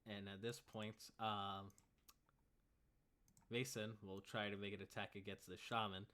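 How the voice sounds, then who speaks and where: A man's voice: fairly low pitch, level tone, unhurried, bright, forceful tone. A man narrating as game master of a tabletop game, laid-back and full of fillers.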